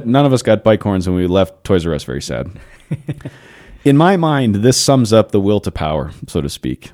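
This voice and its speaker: Deep-voiced male podcast host. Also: moderate pace. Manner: storytelling, animated, laughs often. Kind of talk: casual philosophical discussion.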